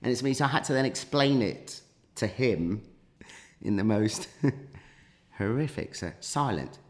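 A man's voice: mid-range voice, expressive, a little slow. A man, a podcast guest, telling a long anecdote in casual chat with many fillers and restarts.

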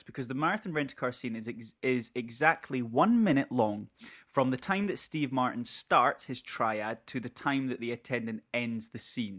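A man co-hosting a casual film podcast, animated and laughing often as he rambles. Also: medium pitch, no echo, clean studio sound. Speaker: podcast co-host.

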